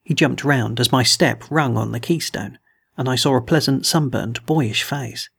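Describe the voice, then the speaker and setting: Male audiobook narrator with a measured, gravelly, husky read. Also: mid-range voice, a bit bright. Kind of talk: scripted narration of a novel.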